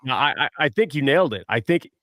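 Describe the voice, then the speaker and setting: Animated male guest telling stories dry. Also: medium pitch, quick pace, no room sound. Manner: animated storyteller, many restarts, acts out quotes. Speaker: guest superfan. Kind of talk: casual sports chat.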